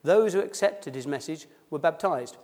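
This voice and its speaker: At a baptism service, a pastor preaches in a slightly high voice with lively intonation, normal speed, and a darkish tone. He drops his H's and reads scripture aloud before explaining it in plain, conversational words, and the church hall adds long reverb.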